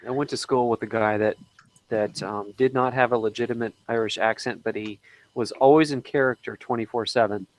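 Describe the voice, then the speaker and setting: Guy hosting a chill group stream, mid-pitch voice, lots of ums and restarts. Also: fairly even intonation. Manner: halting, many ums and restarts, chuckles often. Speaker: livestream host. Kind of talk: casual group chat.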